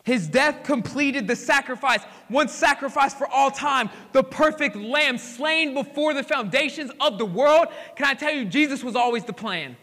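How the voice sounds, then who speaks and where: High bright preacher in a big hall. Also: male voice, normal speed, few pauses. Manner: dramatic storytelling, swinging from hushed to emphatic. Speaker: pastor. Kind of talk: sermon. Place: church sanctuary.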